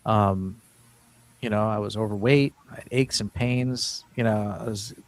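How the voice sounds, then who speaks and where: A man's voice: fairly low pitch, fairly even intonation, a little slow. A man in his fifties, a guest in an interview, telling his story in an earnest, rambling way with many restarts. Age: 50s. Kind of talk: casual interview talk.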